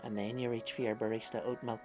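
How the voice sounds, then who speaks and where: A man, putting on a slightly raised, chatty pitchman voice with sweary patter. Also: level tone, fast talker, over music, natural voice. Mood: playful patter. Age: 30s. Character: cheeky swearing male pitchman, matey and rambling.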